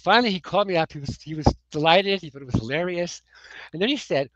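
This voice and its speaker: A woman's voice: lowish voice, expressive, fast, fairly bright tone, dry recording, lo-fi sound. An American woman in a casual interview, telling rambling anecdotes with many "you know"s and chuckles. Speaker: comics writer, guest.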